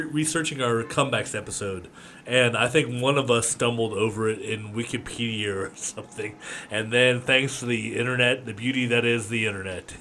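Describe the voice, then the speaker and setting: A man's voice: mid-range voice, a bit bright, a little hiss or hum. A man co-hosting a comedy podcast, rambling and laughing easily as he talks. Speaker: podcast co-host. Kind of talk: casual chat.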